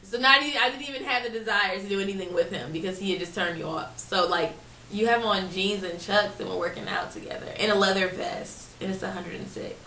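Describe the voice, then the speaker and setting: A woman's voice: medium pitch, fairly even intonation, a little fast, bright, forceful tone, slight background noise. A woman in her twenties telling a story to camera in a blunt, profane, chatty way. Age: 20s. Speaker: vlogger. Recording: echoey room, mic at a distance.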